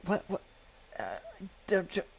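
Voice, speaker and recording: A man's voice: fairly high pitch, sing-song, moderate pace, slightly rough. A man voicing a frightened, inquisitive young girl who stammers. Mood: terrified. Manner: stammering, breathless.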